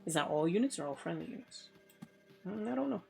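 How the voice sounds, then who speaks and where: A woman's voice: lowish voice, lively intonation, fairly quick, creaky, dark tone, soft background music. A woman streamer giving casual let's play commentary, thinking aloud in a rambling, offhand way.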